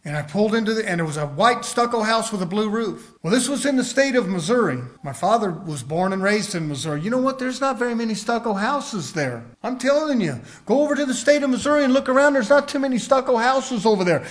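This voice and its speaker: A man's voice: very high voice, big pitch swings, a little fast, hardly any pauses. A middle-aged man preaching a sermon, telling a personal story and rising to emphatic outbursts.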